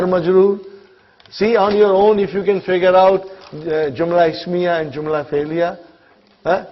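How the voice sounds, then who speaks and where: A man teaching an Arabic class, slowly drilling pronunciation with students and encouraging them between phrases. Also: sits high, muffled recording. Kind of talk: classroom lesson with live students.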